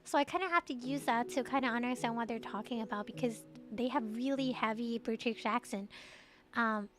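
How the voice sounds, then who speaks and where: High-voiced chatty woman streamer. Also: brisk. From Taiwan. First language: Mandarin. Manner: rambling and chatty, full of "like" and giggles. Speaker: VTuber streamer. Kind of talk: casual late-night stream chat.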